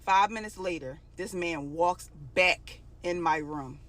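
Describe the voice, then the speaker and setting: A woman's voice: on the low side, unhurried, a bit bright. A woman telling her own story in a casual, emotional storytime monologue, repeating phrases for emphasis.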